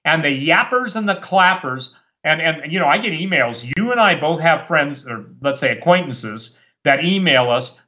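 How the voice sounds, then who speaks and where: This guest preacher on a talk show has a fairly high, bright voice with a forceful edge, captured in lo-fi sound. Animated and worked up, he speaks at a normal pace in an impassioned monologue, rambling with many restarts.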